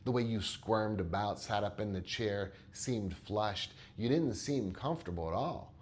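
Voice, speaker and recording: Earnest low-voiced male therapist. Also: measured pace, a little hiss or hum. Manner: earnest, conversational, repeats words when starting a thought. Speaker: therapist and coach. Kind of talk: storytelling monologue.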